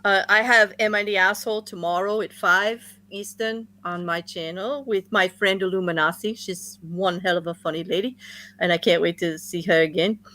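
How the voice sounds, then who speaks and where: A woman from the States in casual chat as a guest, chatty and quick to laugh, often trailing off and starting again. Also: medium pitch, steady tone, sharp tone. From United States.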